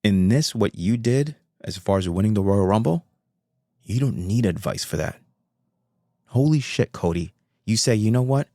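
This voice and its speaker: A man with a low-pitched voice, hosting his own podcast in an excitable, rambling rush. He swears freely and circles back on his points, and his voice sits close and dry with no room around it. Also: normal speed, pauses often, no echo. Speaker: podcast host. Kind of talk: casual solo commentary.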